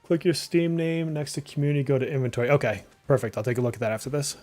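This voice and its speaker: A thirtysomething man with a slight Massachusetts accent streams a game live, talking fast in a steady, ordinary mid-pitched voice. He rambles casually and reacts aloud to the action while game music plays faintly underneath.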